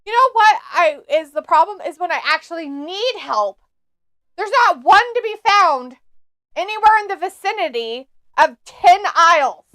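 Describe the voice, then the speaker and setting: A woman's voice: very high voice, animated, moderate pace, fairly bright tone, no echo. A woman co-hosting a live stream, chatting casually, laughing often and reading viewer comments aloud. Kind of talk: casual watch-along chat.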